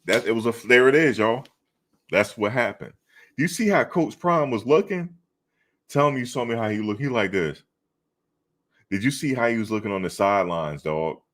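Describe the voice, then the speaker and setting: A middle-aged man hosting a casual live sports chat, bantering with viewers in an animated, slangy, repetitive way. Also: medium pitch, moderate pace, pauses often. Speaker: live show host reading chat.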